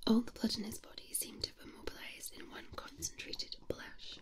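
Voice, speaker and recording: A woman with a Scottish accent reading a story aloud in a slow, soft ASMR whisper.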